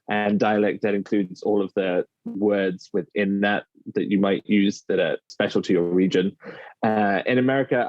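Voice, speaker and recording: A man from the UK, a dialect coach, explaining his work in a relaxed, thoughtful podcast interview. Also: lowish voice, no echo, highs cut off.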